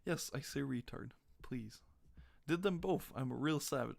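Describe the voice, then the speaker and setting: A man's voice: mid-range voice, lively intonation, moderate pace, gravelly. A man chatting casually on a live stream, joking crudely and reading quiz questions aloud. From North America.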